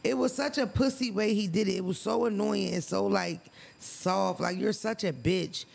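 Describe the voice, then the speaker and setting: A man's voice: sits high, normal speed, gravelly. A man co-hosting a casual podcast chat, telling stories bluntly and profanely with lots of energy. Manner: blunt, profane, animated storytelling. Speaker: podcast co-host.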